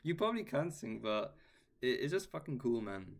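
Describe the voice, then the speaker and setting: Gravelly laid-back guy saying bro. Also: medium pitch, big pitch swings, moderate pace. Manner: laid-back, says "bro" and "man" a lot. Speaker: guitar teacher answering live chat questions. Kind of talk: casual livestream Q&A.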